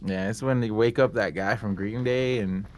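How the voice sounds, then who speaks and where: A man's voice: on the low side, normal speed, darkish tone, a little hiss or hum. A young man in casual chat while gaming, rambling, joking and swearing freely. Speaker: streamer co-host.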